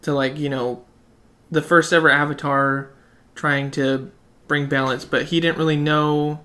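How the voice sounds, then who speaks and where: A man's voice: fairly high pitch, little pitch movement, measured pace, sharp tone. A man co-hosting a podcast in casual chat, musing and asking questions aloud. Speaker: podcast co-host.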